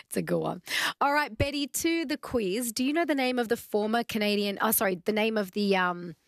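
Gravelly Australian woman hosting talkback radio. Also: mid-range voice, lively intonation, moderate pace, dry recording, clean studio sound. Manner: friendly, chatty, laughs often. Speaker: radio host. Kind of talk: casual talkback radio chat.

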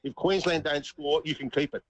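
A man's voice: on the high side, a little fast, vocal fry, fairly bright tone, no echo, dull audio. Chatty Australian man telling yarns. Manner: yarn-spinning, chuckling, repeats words. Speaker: interview guest, former rugby league player. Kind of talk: casual storytelling interview.

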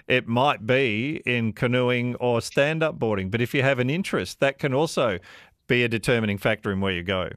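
A man's voice: mid-range voice, moderate pace, a bit bright, dry recording, clean studio sound. An Australian man hosting a radio chat show, reading listener messages and talking with a guest in a conversational way. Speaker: radio host.

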